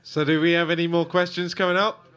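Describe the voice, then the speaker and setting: A man hosting a talk, managing the question queue in a brisk, teasing way. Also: fairly high pitch, little pitch movement, a bit bright, clean tone. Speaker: event host.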